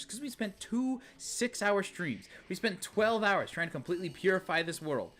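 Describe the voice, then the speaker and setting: A young man commentating a video game stream, exasperated and talking to himself, swinging from low muttering to loud outbursts. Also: sing-song, normal speed. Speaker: gaming streamer. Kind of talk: let's play commentary.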